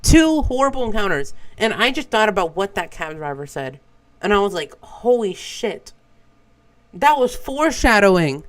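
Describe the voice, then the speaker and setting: A young man with a high voice, a streamer from Brazil whose first language is Portuguese. He tells a story in a loose, animated way and swears freely. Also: moderate pace, low-quality recording. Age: young adult. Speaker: vtuber streamer. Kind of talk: casual storytelling.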